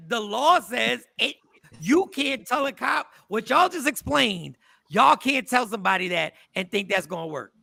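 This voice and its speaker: Insistent high gravelly male host. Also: bright, forceful tone, no echo, studio quality. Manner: insistent, argumentative. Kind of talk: casual debate on a talk show.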